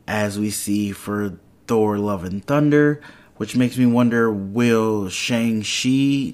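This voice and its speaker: A man hosting a solo podcast in casual chat, rambling and correcting himself, excitable as he talks. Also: medium pitch. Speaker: podcast host. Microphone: headphones and microphone.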